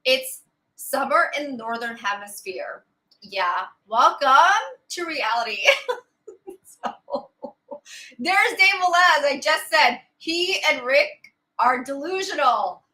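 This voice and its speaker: A woman's voice: high-pitched, lively intonation, takes it slowly, pauses often, bright, forceful tone, low-quality recording. A woman hosting a weather live stream, chatting casually, greeting viewers by name and laughing often. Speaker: weather livestream host.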